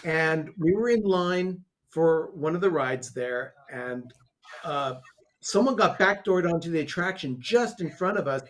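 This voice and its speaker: Male co-host, slightly higher voice, chatty storyteller, casual. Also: lively intonation, unhurried. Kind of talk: casual watch-party commentary.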